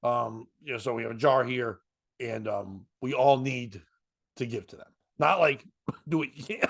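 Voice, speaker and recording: A comedian telling a story in casual chat, slipping into voices and laughing often. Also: male voice, mid-range voice, unhurried, vocal fry. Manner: animated, jumps into voices and laughs.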